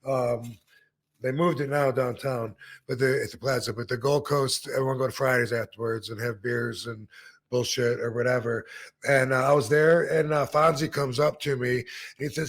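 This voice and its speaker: A man hosts a podcast and drifts through a long, casual anecdote. He wanders, restarts, and swears freely. His voice sits at an ordinary pitch for a man. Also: fairly even intonation, normal speed, fairly bright tone. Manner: laid-back, rambling with fillers and profanity. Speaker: podcast host. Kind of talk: casual storytelling.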